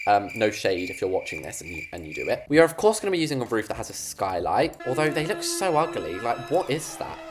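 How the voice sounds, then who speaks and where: Lively low-voiced woman chatting. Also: quick pace, few pauses. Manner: chatty, jokey, self-mocking asides to viewers. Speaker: gaming video creator. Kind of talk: casual game build commentary. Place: home desk. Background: background music.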